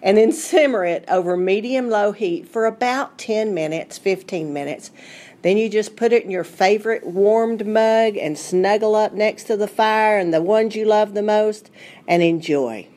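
A woman's voice: mid-range voice, unhurried, darkish tone. A middle-aged woman with a Southern Appalachian accent, a food writer giving a folksy, chatty radio segment.

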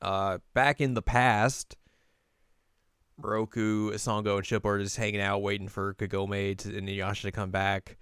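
A young man chats casually through an episode recap. His voice sits low and smooth, recorded close and dry. He slips in quick character voices now and then. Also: flat delivery, a bit bright, no room sound. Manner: laid-back, quotes characters in quick put-on voices. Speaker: podcast co-host.

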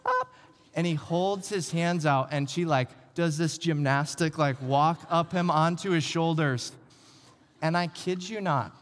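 Man telling a story in an echoing hall. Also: fairly high pitch. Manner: acts out family members' voices, laughs often. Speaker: speaker telling a personal story to an audience. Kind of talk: animated storytelling. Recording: reverberant hall sound.

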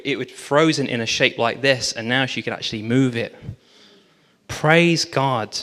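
A man preaching from the front of a church hall, telling his story with lively energy and acting out the voices of the people in it. His voice sits in an ordinary middle pitch for a man. A long reverb from the big room trails after each phrase. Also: moderate pace. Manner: animated storytelling with quoted dialogue. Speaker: pastor. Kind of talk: sermon storytelling.

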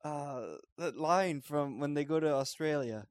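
A young man co-hosting a podcast in casual chat, animated and often hunting for the right words. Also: a little high, measured pace, no room sound, clean studio sound. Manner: animated, searching for words, laughs easily. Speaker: podcast co-host.

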